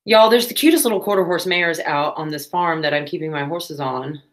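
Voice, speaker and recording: A woman's voice: low voice, a little fast. A woman, chatting casually on a crafting livestream, with playful asides.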